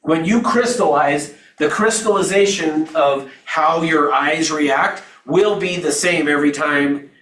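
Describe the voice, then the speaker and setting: A man leads a live training class, talking loosely and restarting his sentences as he explains. His voice sits a bit high for a man. He stands well back from the mic in an echoey training room. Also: a little slow, a bit bright, recorded from a distance. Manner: conversational, with restarts and asides. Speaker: real estate trainer.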